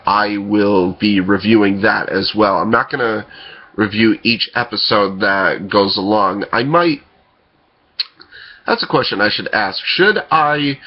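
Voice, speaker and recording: A man hosting casual film news commentary, rambling and hesitant, often pausing on fillers and correcting himself. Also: fairly low pitch, dull audio. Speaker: podcast host.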